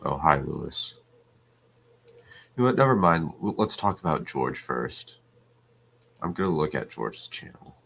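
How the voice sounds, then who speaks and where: A man's voice: a bass voice, sing-song, measured pace, vocal fry, long pauses, a bit bright, slightly rough. A man hosting reaction commentary, speaking in a scornful, dismissive way. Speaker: channel host.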